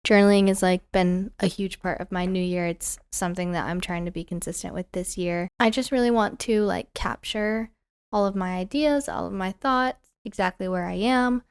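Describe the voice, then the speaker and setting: A young woman in her twenties hosting a casual solo podcast from home, chatty and rambling, her voice a little hoarse from a cold. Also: medium pitch, normal speed. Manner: chatty, self-deprecating, rambling. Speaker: podcast host. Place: alone at home.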